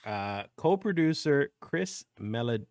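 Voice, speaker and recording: A man's voice: mid-range voice, very animated, slow pace, a little mellow, no echo, studio quality. A man hosting a casual gaming news podcast, rambling and restarting as he talks things through. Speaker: podcast host.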